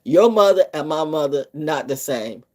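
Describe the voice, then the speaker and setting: Brash woman with a lively low voice. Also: moderate pace. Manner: profane, brash, streetwise rambling. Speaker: vlogger and storyteller. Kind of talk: rambling freestyle livestream talk.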